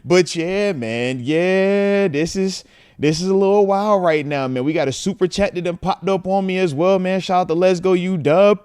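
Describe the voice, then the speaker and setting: A man in his thirties hosting a casual livestream from home, animated as he reads out fan messages. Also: sits high, moderate pace, clean tone, no room sound, clean studio sound. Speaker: host.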